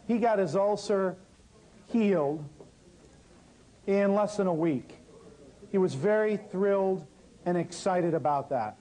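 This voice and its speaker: Man, fairly high mellow voice, workshop teacher who tells stories and talks straight to the room. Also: slow pace, long pauses, rough recording. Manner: lively, talks straight to the audience. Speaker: natural healing teacher. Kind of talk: live workshop storytelling.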